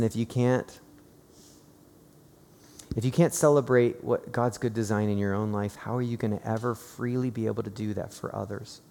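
Man preaching in a reverberant hall. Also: mid-range voice. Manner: earnest, builds to fervent preaching; tearful and hushed while telling a personal story. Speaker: pastor. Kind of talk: sermon. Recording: long reverb of a large hall.

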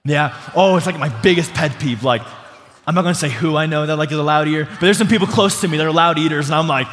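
A man's voice: on the high side, quick pace, fairly bright tone, slight background noise. A young adult man, a pastor, preaching a casual sermon full of fillers and restarts, asking the congregation questions. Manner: asks the congregation questions and calls for responses. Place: church sanctuary before a congregation. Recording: long hall reverb.

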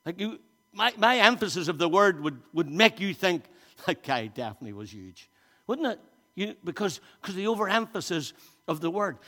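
A man's voice: high voice, pushed and bright. A man preaching a sermon in a church, reading scripture aloud and speaking with emphasis, often repeating and restarting his words. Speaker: pastor. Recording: long reverb of a church hall.

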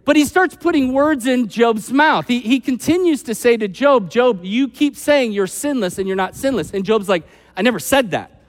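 A man delivers a sermon from the pulpit, his voice pitched high and light. He talks casually, sprinkling in asides and bringing quoted people to life. The big room carries a long, lingering reverb after each phrase. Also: normal speed. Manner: animated, acts out quoted voices; conversational, with frequent "like" asides. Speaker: pastor.

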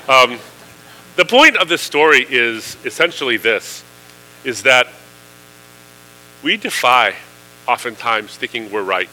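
A man's voice: medium pitch, lively intonation, slow pace, pauses often, bright, forceful tone, rough recording. A man preaching a sermon in a conversational way, with fillers, building to emphatic questions. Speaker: pastor.

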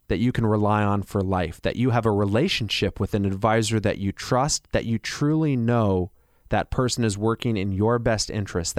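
A man working as a financial advisor, delivering a persuasive radio pitch full of rhetorical questions. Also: dry recording, studio quality.

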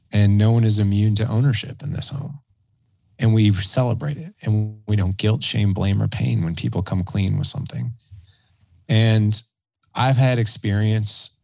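A man in his forties, a podcast guest speaking earnestly in a halting, self-correcting way, at times choked up. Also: fairly low pitch, steady tone, gravelly, darkish tone, no room sound. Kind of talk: emotional personal conversation.

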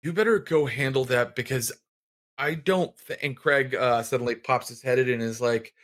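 A man's voice: medium pitch, normal speed, fairly bright tone. A man narrating a tabletop game as game master, in a loose, rambling way with many fillers.

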